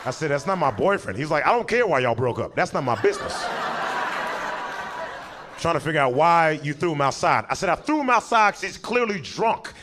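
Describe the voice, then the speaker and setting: A man doing stand-up, telling a long story and acting out the people in it with quick voice changes. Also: fairly high pitch, very noisy. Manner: animated, acts out characters in quick voices, breaks into laughter. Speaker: stand-up comedian.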